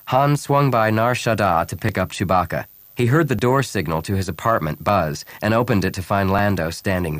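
A man reading a novel aloud as scripted narration, calm and even, speaking the characters' lines softly. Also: sits low, no room sound. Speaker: audiobook narrator.

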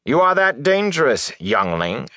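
A man's voice: mid-range voice, sing-song, measured pace, sharp tone, no echo, clean studio sound, voice pushed up. A man voicing a haughty, cold young male zealot lord who questions and accuses. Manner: cold, demanding, suspicious.

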